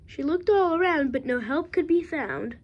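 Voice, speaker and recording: A woman reading a rhyming picture book aloud with a steady rhythm. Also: high-pitched, normal speed, highs cut off. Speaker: reader.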